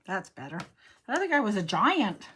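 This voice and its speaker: A woman's voice: medium pitch, big pitch swings, normal speed, fairly bright tone, slightly rough. A middle-aged woman hosting a crafting tutorial, chatting and rambling to herself as she works. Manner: chatty, rambling, talks to herself while working. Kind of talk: casual crafting demo chat.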